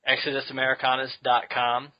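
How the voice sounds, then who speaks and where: A man's voice: medium pitch, monotone, fairly quick, lo-fi sound. A man hosting a casual podcast, joking and rambling with frequent restarts. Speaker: podcast host.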